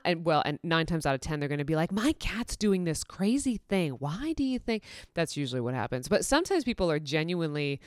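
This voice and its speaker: A woman who works as a veterinary technician, telling an anecdote in an animated, laughing way full of fillers. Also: low voice, smooth, no room sound, studio quality. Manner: animated, laughing, many fillers and acted-out quotes. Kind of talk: casual anecdote storytelling.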